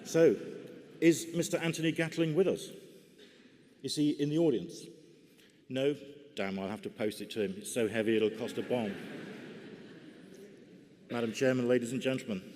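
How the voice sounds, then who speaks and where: Measured man speaking in an echoing hall. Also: medium pitch, a little mellow, slight background noise. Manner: measured, dry humour, deliberate. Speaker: party lottery organiser giving a conference report. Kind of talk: conference speech. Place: large church hall used for a conference. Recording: long hall reverb.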